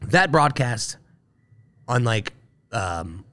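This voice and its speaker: A man, an Army veteran, telling a story as a podcast guest with animated, filler-heavy talk. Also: mid-range voice, drawn-out words. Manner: animated, full of fillers like "like" and "you know". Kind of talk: casual storytelling interview.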